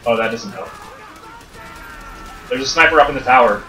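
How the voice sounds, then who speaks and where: A man's voice: mid-range voice, normal speed, bright, forceful tone. A young man playing a co-op shooter with friends, trading dry teasing banter and calling for help. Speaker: gamer playing co-op. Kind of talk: casual let's-play chat. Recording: roomy, distant mic, game music.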